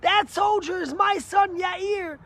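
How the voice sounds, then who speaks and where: A man's voice: extremely high pitch, slow, a bit bright, pitched above the performer's own voice, full character voice. A man voicing a grateful middle-aged mother who earnestly recounts a past kindness. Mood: heartfelt. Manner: earnest heartfelt retelling.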